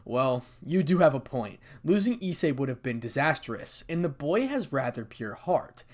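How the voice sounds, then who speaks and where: A man's voice: mid-range voice, sing-song, normal speed, natural voice. A man voicing a composed, mild-mannered archangel leader.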